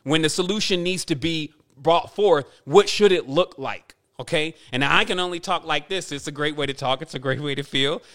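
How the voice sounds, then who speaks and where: Man, spiritual teacher, fairly high voice, emphatic, repetitive, rambling monologue. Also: normal speed, hardly any pauses, fairly bright tone.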